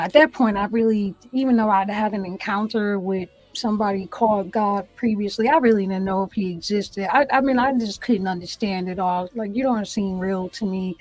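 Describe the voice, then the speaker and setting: A woman's voice: mid-range voice, a little mellow, poor audio. A woman who is a comedian, a guest telling an emotional personal story with earnest feeling and acting out her own past words. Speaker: interview guest.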